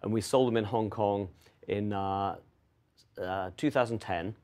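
A man's voice: on the low side, steady tone, a little mellow. A middle-aged English man with an English accent, answering interview questions in a friendly, self-deprecating way. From England. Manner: friendly, self-deprecating, quick with small restarts. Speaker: wine auction executive, guest.

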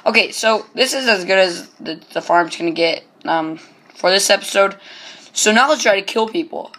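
On his own channel, this man jokes and chats through casual gameplay commentary in a high, bright, forceful voice at normal speed. His delivery is hesitant, full of ums and restarts.

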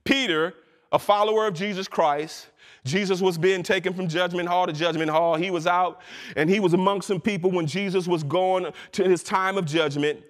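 High-pitched preacher guy, fired up and shouting, long church hall echo. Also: fairly even intonation. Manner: fervent preaching, rising to shouts with drawn-out phrases. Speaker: minister. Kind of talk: sermon.

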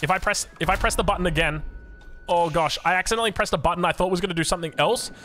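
A man's voice: sits high, very fast, fairly bright tone, soft background music. A young Australian man casting a strategy game match, jokey and full of puns. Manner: jokey, punning, self-deprecating. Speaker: game caster. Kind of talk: live match commentary.

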